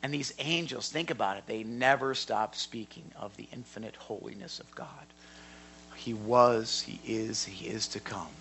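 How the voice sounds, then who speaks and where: A man teaching a sermon in a church hall, emphatic and given to repeating words, swinging from quiet to loud. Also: fairly low pitch, normal speed, vocal fry, slight background noise. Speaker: Bible teacher.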